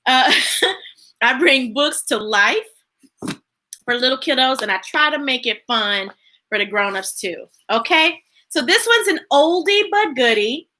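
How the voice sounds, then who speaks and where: A woman hosting a live storytime, talking to kids and viewers in a playful, animated way and laughing easily. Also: high-pitched, measured pace, low-quality recording. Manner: animated and playful, talks to children and reads chat messages; laughs easily and gets emotional. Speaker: children's storytime host. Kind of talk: live read-aloud storytime chat.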